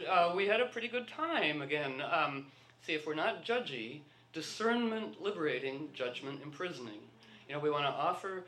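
A man's voice: a little high, pushed and bright, slight background noise. A man telling rambling anecdotes in a casual talk, acting out the dialogue of the people in his stories. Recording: echoey room.

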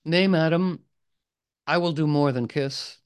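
A man's voice: on the high side, a little slow, clean tone, voice pushed up, natural voice. A man storyteller voicing a dutiful young knight who speaks in eager, raised declarations. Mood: earnest. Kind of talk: oral storytelling.

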